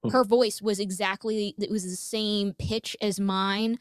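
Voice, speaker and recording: A woman's voice: mid-range voice, level tone, measured pace, smooth, no room sound, clean studio sound. A woman hosting a podcast, talking candidly and swearing freely in casual conversation. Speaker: podcast host.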